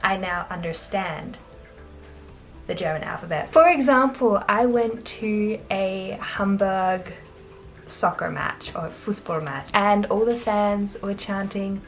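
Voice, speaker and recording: A woman's voice: medium pitch, takes it slowly, faint music behind. A young Australian woman vlogging in a casual, chatty, self-deprecating way, laughing often. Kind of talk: casual chat to camera.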